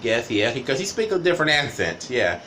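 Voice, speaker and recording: A man's voice: medium pitch, big pitch swings, brisk, over a noisy crowd. A man vlogging a rambling, casual storytime monologue, often tagging "right?" and "you know" onto his sentences.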